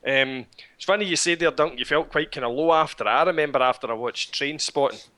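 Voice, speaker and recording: A man's voice: fairly high pitch, brisk, sharp tone. A man guesting on a podcast, talking bluntly with lots of swearing. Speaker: guest reviewer. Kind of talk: casual podcast chat.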